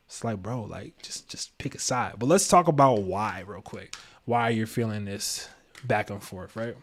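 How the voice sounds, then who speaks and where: A tarot reader and astrologer gives a casual live reading in a lowish, unhurried voice. He's slangy and laid-back, chuckling to himself as he goes.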